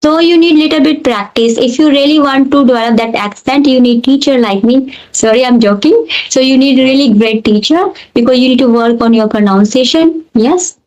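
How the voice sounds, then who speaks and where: A woman's voice: sits high, normal speed, few pauses, a little mellow, poor audio. A woman with an Indian accent, an English teacher, talking earnestly in a casual conversation and explaining with repeated examples.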